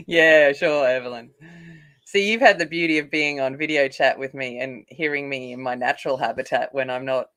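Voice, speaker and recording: A woman's voice: extremely low pitch, normal speed, a bit bright. An Australian woman hosting a coloring live stream, chatting casually and rambling while answering viewer comments. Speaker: coloring channel host.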